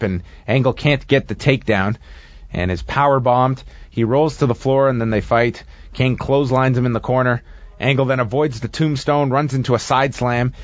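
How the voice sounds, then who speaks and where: A man's voice: medium pitch, no room sound, dull audio. A man co-hosting a podcast, giving a casual play-by-play recap of wrestling matches with dry, sardonic asides. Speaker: podcast co-host reviewing wrestling.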